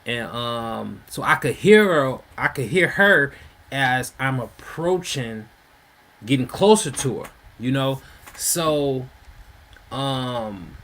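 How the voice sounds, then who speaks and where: A man's voice: medium pitch, animated, takes it slowly, a bit bright. A man telling a street story in a loose, rambling way, full of slang and fillers. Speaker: storyteller host. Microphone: home mic.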